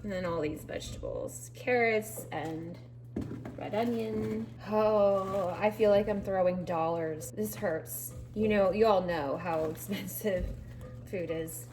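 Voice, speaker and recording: A woman's voice: medium pitch, slow pace, a little mellow, slight background noise. A tired woman talking in a casual video diary from her home kitchen, rambling and emotional, laughing through sadness. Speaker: vlogger recovering from surgery.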